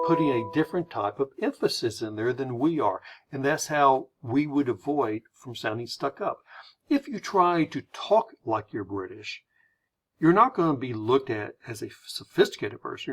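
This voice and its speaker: A man's voice: mid-range voice, breathy edge. A man with an American accent teaching a lesson on word choice, chatty, stopping to explain and repeating example phrases aloud.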